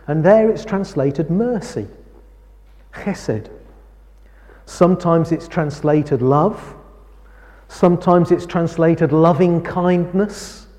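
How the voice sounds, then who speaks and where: A man preaching a sermon, speaking in a slow, measured way. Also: fairly high pitch. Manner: slow, measured preaching with lively quoted lines. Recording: reverberant hall.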